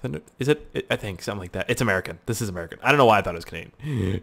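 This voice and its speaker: A man giving excitable let's-play commentary on a flight game, swearing and laughing at his own crashes. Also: medium pitch, rapid-fire, gravelly, slight background noise. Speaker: gaming YouTuber.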